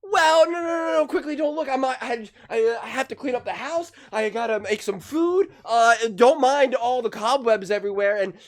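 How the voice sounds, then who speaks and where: A man's voice: very high-pitched, moderate pace, hardly any pauses, voice pushed up. A man putting on a flustered, stammering voice of a host who is frantically hiding a messy house from guests. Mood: frantic. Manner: stammering, pleading, panicky.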